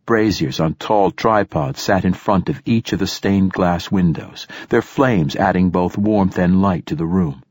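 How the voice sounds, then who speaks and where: A man reads a first-person audiobook in a measured, descriptive way. His voice is very deep and husky. The recording is close and completely dry. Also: a little mellow, no room sound. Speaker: audiobook narrator.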